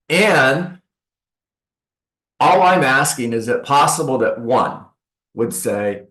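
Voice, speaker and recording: A real estate coach with a mid-range voice takes his time, pausing often, in a roomy-sounding training room. Addressing a seminar audience, he animatedly acts out sales calls with sarcastic asides.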